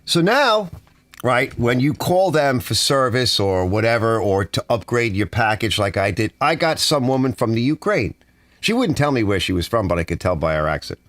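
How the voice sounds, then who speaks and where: Man, from the US, ranting, exasperated, lively swings in pitch, dry studio sound. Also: dry recording. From United States. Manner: exasperated, animated complaining with softened swearing. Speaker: channel host. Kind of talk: ranting casual monologue. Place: home garage studio.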